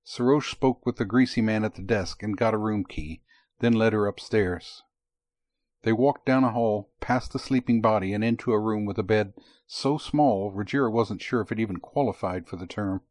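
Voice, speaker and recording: Man reading a story out loud, steady and even, lowish voice, dry close sound. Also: normal speed, dry recording. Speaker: narrator. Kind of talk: audiobook narration.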